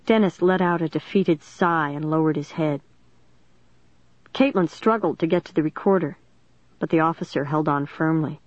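A woman narrates a young-adult thriller with steady, clear delivery. Her voice sits on the low side. The recording is dead-dry and slightly muffled. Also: moderate pace, no echo. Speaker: audiobook narrator. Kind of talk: scripted narration. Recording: dull, dry studio recording.

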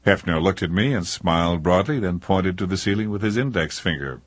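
An older man narrating a comic memoir in a deadpan manner, recorded in a studio. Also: low-pitched, brisk, hardly any pauses, slightly rough, no room sound.

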